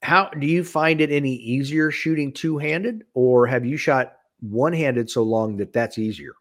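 A man hosting a podcast, with an ordinary mid-range voice. He talks in an easygoing way and asks short, relaxed follow-up questions. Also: mid-range voice, normal speed. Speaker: podcast host. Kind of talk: casual interview chat.

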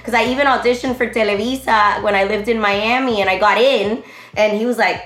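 A woman in her thirties, a guest telling her story in an animated, rambling way full of fillers. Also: on the high side, fairly quick. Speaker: interview guest, online comedy creator. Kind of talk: casual interview chat. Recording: roomy echo.

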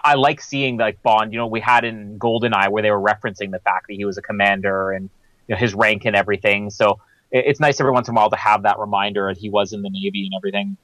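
A man on a film podcast speaking in a fairly low voice, recorded close and dry with no room sound. He talks at an even, measured clip and makes dry, offhand remarks between his points. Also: dry recording, poor audio. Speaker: podcast co-host. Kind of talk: casual film discussion.

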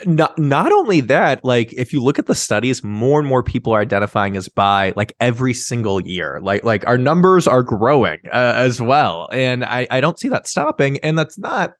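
A man's voice: mid-range voice, normal speed, few pauses, no room sound, studio quality. A man in his thirties, a sex writer, talking candidly and with animation as a guest in a casual interview. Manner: candid, animated, mimics others in quoted asides.

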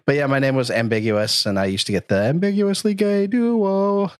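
A man's voice: on the high side, fairly even intonation, moderate pace, clear, resonant tone. A man hosting a podcast, joking around in casual banter and laughing often. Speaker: podcast host.

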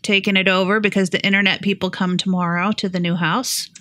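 A woman's voice: mid-range voice, little pitch movement, fairly quick, bright, forceful tone. A woman co-hosting a podcast, telling a profane story in casual chat and acting out the quoted lines with animation. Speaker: podcast co-host.

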